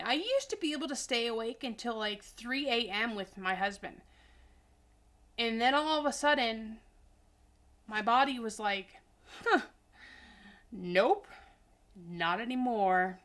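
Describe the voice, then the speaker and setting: A woman's voice: mid-range voice, a bit bright. A woman in her forties, a tired and chatty vlogger talking casually in a rambling, goofy way. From Idaho, US. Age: 40s. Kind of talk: casual chat.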